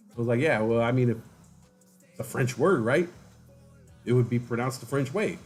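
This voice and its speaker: A livestream host with a medium-pitched voice chats casually with viewers, speaking briskly but pausing often while faint music plays behind. He tells rambling stories and mimics other people's voices.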